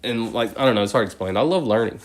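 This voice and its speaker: A man on a live stream counting numbers aloud, breaking into chatty tangents packed with "like". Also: medium pitch. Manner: fast, steady number recitation broken by chatty tangents full of "like".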